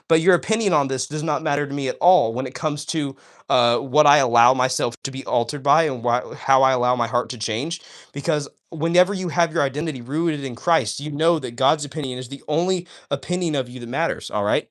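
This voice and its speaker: A livestream host with a fairly bright, somewhat high-pitched voice chats casually with his viewers and reads their messages aloud. He addresses them directly in an enthusiastic, preachy manner, frequently asking "all right?"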